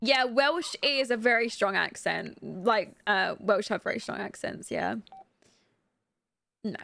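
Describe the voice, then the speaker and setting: Speaking slowly in a mid-range, gravelly voice with a fairly bright tone, a young British woman chats while streaming a life-simulation game. She responds to her chat and giggles frequently throughout the casual gameplay talk.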